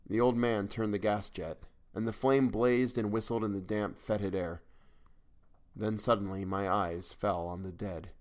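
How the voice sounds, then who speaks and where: A man's voice: fairly low pitch, fairly even intonation, unhurried, darkish tone. A man giving a dramatic first-person reading of a weird tale. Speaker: audiobook narrator. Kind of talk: scripted narration of a weird tale.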